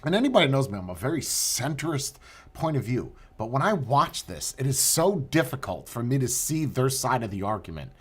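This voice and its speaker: A man's voice: mid-range voice, big pitch swings, moderate pace, slightly rough. A man hosting a podcast, reacting to protest clips with incredulous questions and stammering restarts. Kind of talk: commentary over video clips.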